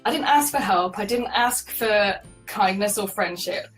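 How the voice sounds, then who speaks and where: A chatty woman shares her stories as an interview guest, lively and quick to laugh. She sits a little back from the mic, and faint music plays underneath. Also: mid-range voice, distant mic, poor audio. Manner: chatty, animated, laughs often. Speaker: guest, solo cyclist. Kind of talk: conversational interview storytelling.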